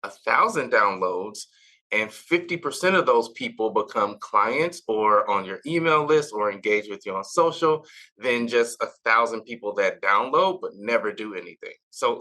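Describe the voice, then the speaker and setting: A man in his forties, a podcast guest, explaining his work in a relaxed way with many "um"s. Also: lowish voice, normal speed, low-quality recording. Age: 40s. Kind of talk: casual interview.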